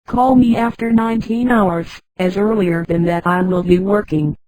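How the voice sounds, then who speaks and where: A woman's voice: medium pitch, fairly even intonation, normal speed, a little mellow, no room sound, lightly acted, rough recording. A synthetic woman's voice reading the lines of a cautious working woman on the phone, who gives short, guarded replies.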